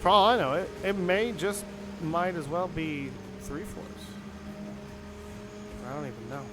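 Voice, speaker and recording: A man's voice: fairly high pitch, moderate pace, noisy background. A young man chatting casually while playing a game, rambling with many fillers. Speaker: gaming channel host. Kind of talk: casual gameplay commentary.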